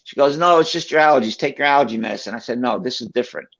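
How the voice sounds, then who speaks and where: Gravelly man telling a story. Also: medium pitch, very fast. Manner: animated, acts out quoted voices. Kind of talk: casual personal storytelling. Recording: dull lo-fi sound.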